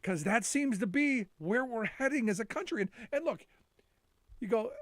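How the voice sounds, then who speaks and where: A middle-aged man hosts a live call-in show in a sarcastic, rambling monologue, often restarting his sentences. His voice sits high for a man and is captured close with almost no room sound. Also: lively intonation, moderate pace, fairly bright tone, no echo. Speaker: talk show host.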